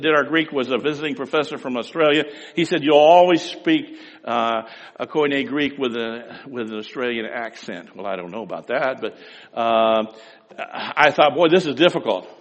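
Man, middle-aged pastor, sermon, folksy storyteller, lively rising and falling pitch, long hall reverb. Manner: folksy storytelling with wide swings in loudness.

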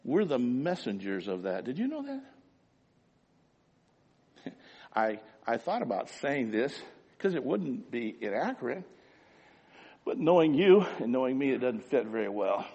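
A man's voice: mid-range voice, a little slow, long pauses, husky, highs cut off. A man preaching a sermon as pastor, talking animatedly. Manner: animated preaching, rising to shouts. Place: church sanctuary. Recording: long echo of a church hall.

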